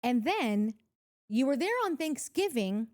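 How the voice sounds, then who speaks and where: A woman's voice: fairly high pitch, very animated, unhurried, a little mellow. A young woman co-hosting a podcast, chatting in a rambling, giggly way with lots of restarts. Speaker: podcast co-host. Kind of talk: casual recap chat.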